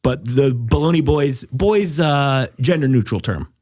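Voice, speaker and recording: A man's voice: mid-range voice, animated, measured pace, darkish tone, no echo, clean studio sound. A man hosting a casual podcast chat, rambling loosely, swearing freely and laughing often. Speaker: podcast host.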